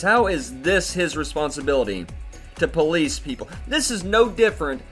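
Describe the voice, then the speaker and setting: A man's voice: a little high, big pitch swings, fairly quick, fairly bright tone. A man hosting a crypto news video, ranting angrily and swearing a lot, with faint music behind him. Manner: profane, heated ranting. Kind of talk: angry crypto news commentary.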